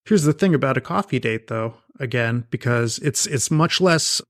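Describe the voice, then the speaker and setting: A man's voice: mid-range voice, lively intonation, moderate pace, no room sound. Stammering sardonic man, dry mic. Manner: stammering, dry sarcastic asides. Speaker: podcast co-host. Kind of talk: casual chat.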